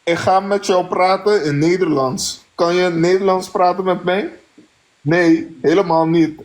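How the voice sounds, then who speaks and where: Excitable guy on a phone live stream, swears freely, keeps laughing, voice sits a bit high. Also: measured pace. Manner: excitable, profane, laughs a lot. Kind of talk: casual live-stream chat.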